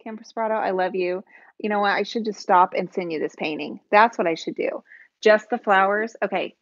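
A woman keeps up nervous, chatty conversation with commenters during a live painting stream. She has a medium-pitched voice and a moderate pace, and the recording is dull, dry home-stream audio with no room sound.

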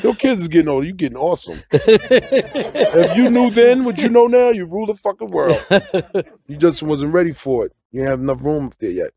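A middle-aged man, talking loosely in a studio interview, preaching and joking with sudden loud outbursts. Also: on the high side, lively intonation, a little fast, a crowd in the background. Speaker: guest comedian and actor. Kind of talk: casual interview talk. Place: radio studio.

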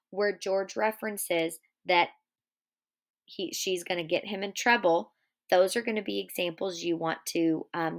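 A woman teacher leads a guided class reading. She speaks in an even, mid-pitched voice and stops regularly to pose questions to her students.

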